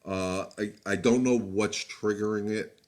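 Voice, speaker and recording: A man's voice: on the low side, steady tone, a little slow, darkish tone. A man, a dog trainer, answering viewer questions on a live stream in a candid, plain-spoken way with many fillers and restarts. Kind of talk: live-stream Q&A, casual advice.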